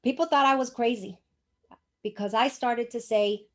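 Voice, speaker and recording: An older woman with a fairly high voice shares a personal testimony in church. She tells her story emphatically and animatedly, slipping into the voices of the people she quotes. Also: moderate pace. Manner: animated, acts out dialogue, emphatic. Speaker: church member giving testimony.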